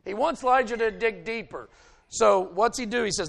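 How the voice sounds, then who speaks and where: A male preacher delivering a sermon, retelling a story and swinging between loud emphasis and hushed asides. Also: sits high, brisk, creaky.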